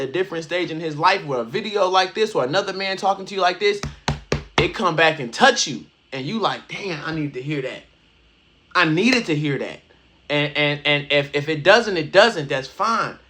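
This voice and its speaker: A man's voice: on the high side, fairly quick, sharp tone. Man giving blunt reaction commentary. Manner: emphatic, street slang, frequent restarts. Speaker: reaction video host.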